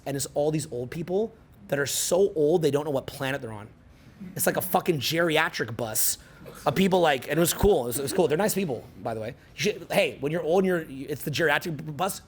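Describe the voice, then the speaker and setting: A man in his forties with a fairly high voice gives a casual seminar talk at a fairly quick clip. He rambles, swears freely, stays animated and fills his speech with fillers, over a slight hiss or hum.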